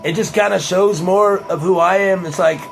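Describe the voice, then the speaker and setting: A man's voice: high-pitched, fairly even intonation, moderate pace, creaky, soft background music, poor audio. Laid-back young man, rambling vlog chat.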